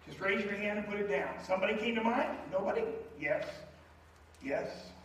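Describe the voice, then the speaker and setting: Man, preacher, conversational storytelling sermon, slightly higher voice, echoey sanctuary, mic set well back. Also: animated, normal speed, fairly bright tone. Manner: storytelling, conversational, leads a closing prayer. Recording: echoey room from a distant mic with faint noise.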